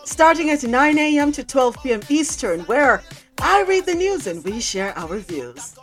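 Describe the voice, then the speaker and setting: A woman's voice: high-pitched, big pitch swings, measured pace, fairly bright tone, soft background music. A woman hosting a radio show, chatting casually and reading the news. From Caribbean. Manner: chatty, laughs easily.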